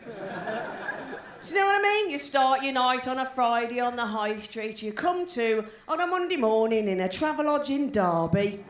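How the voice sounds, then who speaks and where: Brash high-voiced West Midlands comedian. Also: female voice, sing-song, normal speed. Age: 40s. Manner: brash, swearing, teasing the crowd. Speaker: stand-up comedian. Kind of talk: live stand-up with crowd work. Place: comedy gig venue. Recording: echoey live room with background noise.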